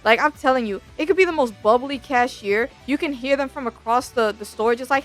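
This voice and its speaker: A woman's voice: high-pitched, moderate pace, few pauses, soft background music. A woman VTuber telling a story in a casual, slangy rant, swearing freely. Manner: animated, slangy, swears a lot.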